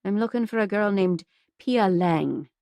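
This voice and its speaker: A woman's voice: medium pitch, measured pace, vocal fry, a little mellow, no echo, clean studio sound. Finn, a woman narrator voicing a young orphan man. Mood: earnest. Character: young man, orphan returning after years.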